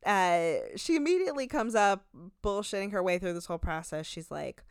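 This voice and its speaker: A woman co-hosting a casual podcast, recapping a reality show with quick asides and frequent laughter. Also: mid-range voice, animated, clean tone, dry recording, clean studio sound. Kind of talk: casual chat.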